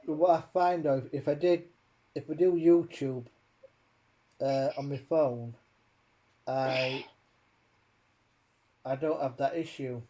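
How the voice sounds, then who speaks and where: Male host, unhurried and rambling, with a warm low tone and an easy cursing rant. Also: fairly even intonation. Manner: rambling, swearing, ranting. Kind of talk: casual chat.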